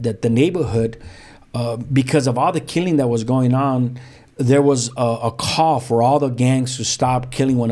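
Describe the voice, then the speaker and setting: Speaking in street slang, this man from South Central LA, a pastor appearing on a podcast, tells his own testimony, often restarting his sentences and performing quoted voices. His voice is mid-range and mellow.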